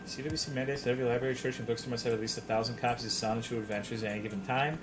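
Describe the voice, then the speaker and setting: This male streamer speaks very fast at a medium pitch, with fairly even intonation and music playing in the background. While playing a video game, he banters casually with viewers, joking and swearing.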